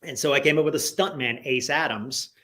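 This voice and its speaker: Animated rambling man on a call. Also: medium pitch, a little fast. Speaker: guest comic writer. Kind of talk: casual interview chat.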